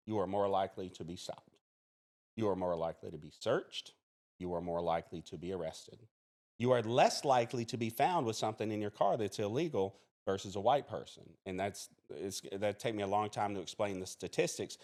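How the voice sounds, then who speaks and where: Man from mississippi, forties, low voice, earnest, plainspoken, restarts sentences. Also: a little mellow. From Mississippi, USA. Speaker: podcast guest, criminology professor and police officer. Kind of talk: interview storytelling.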